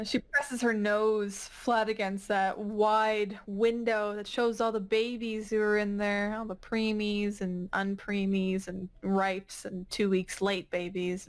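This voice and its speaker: A woman narrating as game master of a tabletop game, casual and playful. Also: medium pitch.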